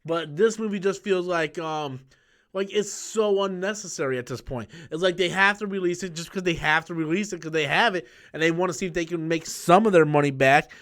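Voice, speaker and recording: A YouTube host runs a live-stream chat from a small room under studio lights. He's excitable and profane, humming movie sound effects as he talks, with a voice on the high side and a slightly fast pace.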